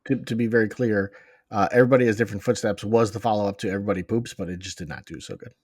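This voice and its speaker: A man's voice: lowish voice, racing, a little mellow, slightly rough, dry recording. Guy cohost, jokey, gushes about good lines, dry dead sound. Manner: joking, enthusiastic about line readings. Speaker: podcast co-host. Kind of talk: casual chat.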